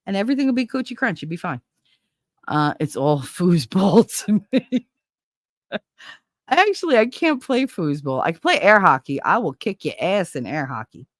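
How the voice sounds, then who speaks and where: A woman's voice: on the low side, big pitch swings, moderate pace, no room sound, studio quality. A woman hosting a casual livestream, chatting and joking while reading viewer comments, her voice nasal from a stuffy nose. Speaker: host.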